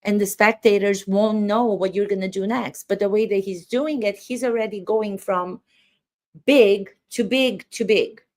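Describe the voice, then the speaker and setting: Woman, acting teacher, emphatic commentary, mid pitch. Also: fairly even intonation, normal speed, hardly any pauses. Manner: emphatic, stresses words for effect. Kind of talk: commentary on court footage.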